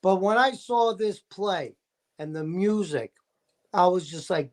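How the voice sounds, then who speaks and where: A man's voice: high voice, lively intonation, measured pace. A man talking as a guest in a casual chat, telling an enthusiastic story.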